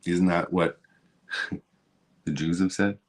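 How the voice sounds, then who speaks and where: A man's voice: sits low, fairly even intonation, slow. A man hosting a stream, ranting about politics in a heated, profane way with lots of restarts. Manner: heated, swearing, repeats and restarts. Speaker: show host.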